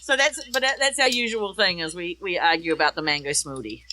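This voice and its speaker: A woman's voice: lowish voice, brisk, a little hiss or hum. A woman from New Zealand with a New Zealand accent, a guest telling stories in a casual interview, acting out quotes. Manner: lively storyteller, acts out quotes. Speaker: guest author.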